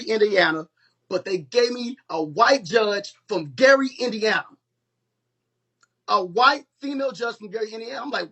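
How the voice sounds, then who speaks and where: A man's voice: high voice, a bit bright, husky. A man with telling his own story on a live stream, in a heated, profane and emphatic way.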